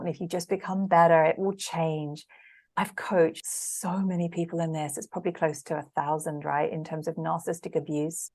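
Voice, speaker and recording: A woman with a slightly low voice speaks as a coach in a relaxed podcast conversation. She is earnest and emphatic and hammers her points home by repeating words. Her delivery stays conversational and direct. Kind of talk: casual podcast interview.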